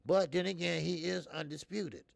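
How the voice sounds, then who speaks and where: A man in his fifties rants about boxing in a heavily gravelly, fry-laden voice pitched a little high. He swears freely, restarts his sentences and piles on fillers, and he swings from loud emphatic bursts down to low mutters. The sound is close and dead dry. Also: moderate pace, dry recording. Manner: profane, rambling, many fillers and restarts. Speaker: boxing show host. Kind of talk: casual opinionated commentary.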